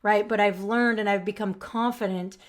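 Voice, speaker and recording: A woman's voice: mid-range voice, fairly even intonation, moderate pace. A young adult woman hosting her own podcast, talking casually and earnestly, reassuring listeners and often checking in with "right?". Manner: earnest and reassuring, with frequent "right?" tag questions. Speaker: podcast host. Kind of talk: casual solo podcast advice.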